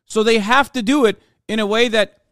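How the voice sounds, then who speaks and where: A man streaming political commentary, reacting to news clips with profane, sarcastic remarks and sudden loud outbursts. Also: high-pitched, fairly even intonation, normal speed, clean tone, no room sound, clean studio sound.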